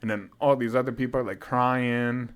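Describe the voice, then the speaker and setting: A man's voice: medium pitch, normal speed, smooth. A young man co-hosting a podcast, telling a story in casual chat, laughing often and swearing freely. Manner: animated, swearing, laughs often, loud when imitating a drunk fan. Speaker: podcast co-host.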